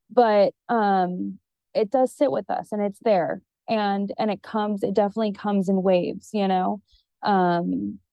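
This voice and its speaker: A woman's voice: medium pitch, mellow, dry recording, dull audio. A woman therapist talking as a podcast guest in an earnest, rambling way, with many fillers, and sounding teary. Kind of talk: casual conversation.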